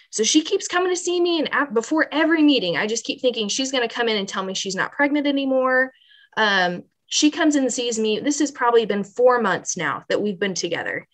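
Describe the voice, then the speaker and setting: Female podcast guest with a slightly high voice, earnest and animated, heartfelt storytelling. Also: moderate pace. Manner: animated, earnest, lots of "like" and "you know". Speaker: pregnancy center manager, podcast guest. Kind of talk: emotional personal storytelling on a podcast.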